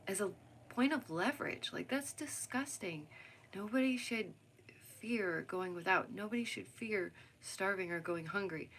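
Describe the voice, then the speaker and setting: A woman's voice: mid-range voice, gravelly, a little hiss or hum. A young American woman vlogging, talking casually and animatedly to her viewers, venting and laughing. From United States. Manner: animated, ranting, frequent laughs and "right?". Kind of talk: casual opinion chat to camera.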